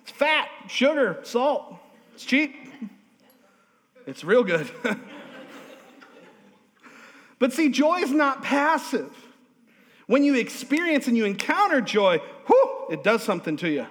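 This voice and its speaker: A male pastor preaching a lively, humorous sermon in a church, drawing responses from the congregation. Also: extremely high pitch, a little slow. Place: church sanctuary. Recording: long hall reverb.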